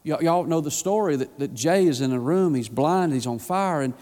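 A pastor preaches with rising fervor, acting out the voices of the people in his story. His voice sits a bit high for a man. Long reverb trails each phrase through the sanctuary. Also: normal speed. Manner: fervent preaching, acts out voices, rises to high excited pitch. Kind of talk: sermon. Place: church sanctuary.

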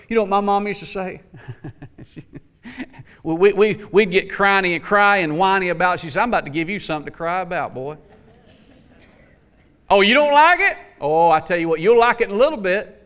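A man's voice: high voice, a bit bright. A man preaching a sermon to his congregation, emphatic and folksy, repeating lines for effect. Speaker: pastor.

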